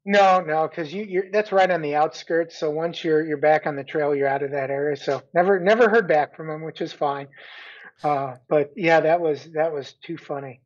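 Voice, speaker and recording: A middle-aged man, a guest, telling a long story in a relaxed chat with frequent restarts. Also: fairly high pitch, moderate pace. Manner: chatty, many restarts and laughing asides. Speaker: guest runner. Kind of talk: casual storytelling. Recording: dull lo-fi sound.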